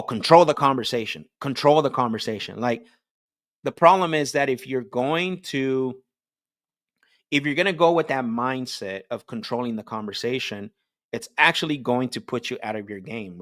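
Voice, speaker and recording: A man coaching a group call on sales technique, talking with energy and checking in with "right?" as he goes. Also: medium pitch. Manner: energetic, repeats "right?" often, restarts sentences. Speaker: sales trainer.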